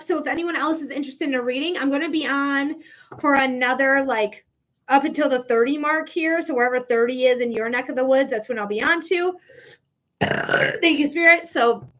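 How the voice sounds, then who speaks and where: A woman with a high, bright voice gives a live-streamed psychic reading. She chats loosely, saying "like" constantly and laughing easily, and she is emotional and open about her feelings as she talks.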